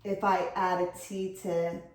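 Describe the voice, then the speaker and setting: A middle-aged woman, a reading tutor, patiently explaining and clearly sounding out syllables in an instructional video. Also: lowish voice, flat delivery, a little slow. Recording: echoey room.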